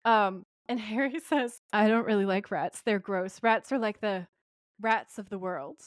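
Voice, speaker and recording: A woman's voice: medium pitch, measured pace, dry recording, studio quality. A woman co-hosting a podcast, recapping an episode in casual chat and acting out characters' lines. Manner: animated, quoting characters in voices. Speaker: podcast co-host.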